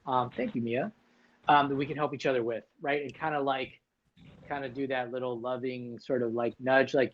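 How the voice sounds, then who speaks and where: A man's voice: mid-range voice, fairly even intonation, normal speed, muffled recording. A man hosting a casual livestream chat, talking loosely with many fillers and restarts. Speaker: livestream host.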